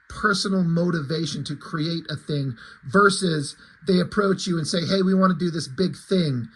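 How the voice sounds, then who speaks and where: A man's voice: on the high side, sharp tone, slightly rough, low-quality recording. A middle-aged man giving a casual comic book review, rambling, sarcastic and swearing freely.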